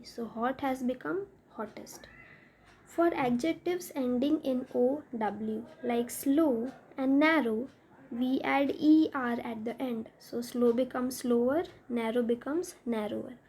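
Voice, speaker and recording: A woman's voice: sits high, creaky, mellow, slightly rough. A woman teacher explaining a grammar lesson step by step, spelling out letters as she goes.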